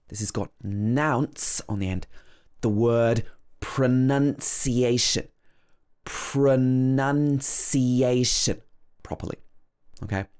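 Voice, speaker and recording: A man teaching English pronunciation, slowly and carefully repeating each word to demonstrate it. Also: medium pitch, a little mellow. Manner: slow, careful demonstration of words, repeated over and over. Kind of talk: pronunciation lesson.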